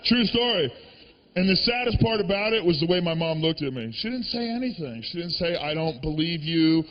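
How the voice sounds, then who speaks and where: A man from the Boston area performing a stand-up comedy set, telling stories in an animated, profane way. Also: high-pitched, brisk, long reverb tail, dull audio.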